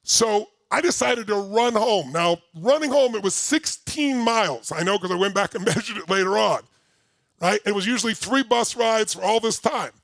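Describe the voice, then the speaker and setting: An older man giving a workshop talk to a live audience, telling a personal story with lots of energy and shouting out repeated phrases. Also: high-pitched, lively intonation, moderate pace, vocal fry, no room sound. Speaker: motivational speaker.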